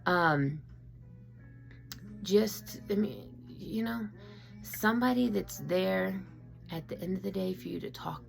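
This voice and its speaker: A woman with a lowish, heavily gravelly voice talks from her room at home in a loose, confiding way. She rambles and restarts often, full of "um" and "like". Faint music plays behind her. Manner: rambling, open and emotional, many fillers and restarts. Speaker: vlogger. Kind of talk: casual personal confiding talk.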